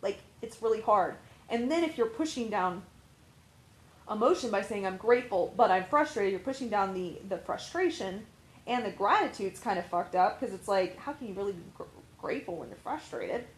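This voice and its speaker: A woman's voice: mid-range voice, expressive, moderate pace, reverberant, rough recording. A woman life coach giving casual, candid advice, rambling and swearing freely with lots of fillers. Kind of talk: casual talking-to-camera advice.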